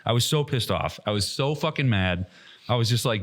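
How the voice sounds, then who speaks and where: A man co-hosting a podcast, telling a heated, profane story with loud mocking quotes. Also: lowish voice, lively intonation, a little fast. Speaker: podcast co-host. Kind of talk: casual podcast chat.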